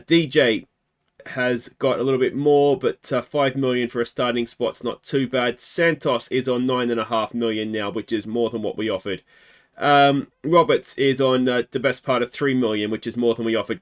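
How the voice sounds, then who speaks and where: A man's voice: mid-range voice, steady tone, moderate pace. An Australian man hosting a game video, chatting casually and thinking aloud with wry asides. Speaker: gaming video host.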